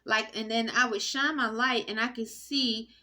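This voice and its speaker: Bright-voiced woman rambling in monologue. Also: a little high, steady tone. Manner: halting, many fillers and restarts. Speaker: vlogger. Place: indoor room. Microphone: phone recording.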